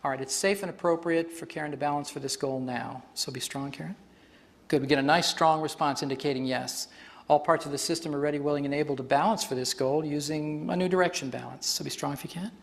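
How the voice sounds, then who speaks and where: A man's voice: on the high side, fairly even intonation, fast, vocal fry. A man facilitating a live workshop demonstration on stage before an audience, explaining in a chatty way and laughing often.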